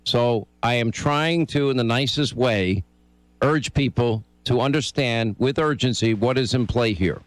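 A male radio talk host speaking with urgency and force as he comments on politics. His voice is mid-pitched and close, with a dry studio sound. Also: a little slow, dry recording.

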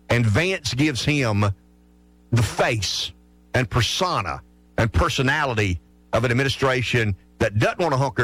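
A man hosting a political talk radio show, his voice rising and falling in a lively way as he rambles and corrects himself. The sound is dry and close, with faint music underneath. His style is loose and conversational. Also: mid-range voice, dry recording. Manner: rambling, conversational, frequent restarts and asides.

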